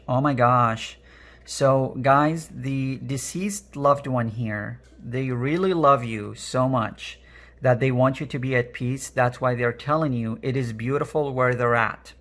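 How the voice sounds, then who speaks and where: A man with a raspy, strained voice giving an earnest pick-a-card reading, repeating phrases with many fillers. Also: medium pitch, fairly even intonation, takes it slowly, a bit bright. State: emotional, voice strained. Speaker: energy worker and tarot card reader.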